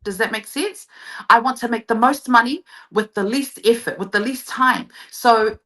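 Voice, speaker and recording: Bright-voiced woman explaining singing technique. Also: fairly high pitch, moderate pace. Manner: enthusiastic explaining, sings short demo phrases. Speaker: vocal coach and singer. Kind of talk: live show interview.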